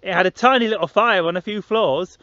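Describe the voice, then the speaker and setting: A man's voice: sits high, brisk, sharp tone, no room sound. A man in his late thirties telling a personal story in a rambling monologue, repeating himself and acting out other people's reactions. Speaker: vlogger. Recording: slightly muffled lo-fi audio.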